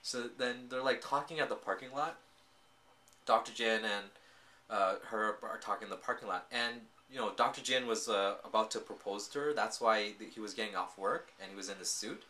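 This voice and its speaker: A man casually recapping and reviewing a TV drama, telling the story in an animated way full of filler words. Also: lowish voice, brisk.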